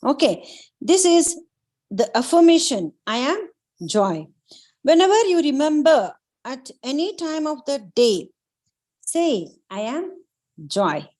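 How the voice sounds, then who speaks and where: Slow, earnest woman. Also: high voice, very animated, darkish tone, rough recording. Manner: slow, earnest and encouraging, with frequent fillers; addresses listeners as friends. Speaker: spiritual book discussion host. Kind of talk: explaining a self-help book.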